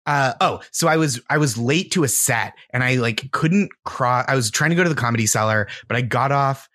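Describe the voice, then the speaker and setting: A man's voice: mid-range voice, brisk, no echo, studio quality. A man, a comedian, telling a story in casual podcast chat and acting out the people in it. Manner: animated storyteller, acts out shouted quotes. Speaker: comedian guest.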